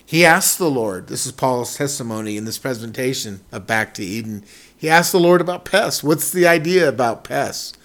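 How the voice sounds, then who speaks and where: A man preaching a sermon with fervor, repeating phrases and swinging between loud declarations and hushed asides. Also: medium pitch, animated, normal speed.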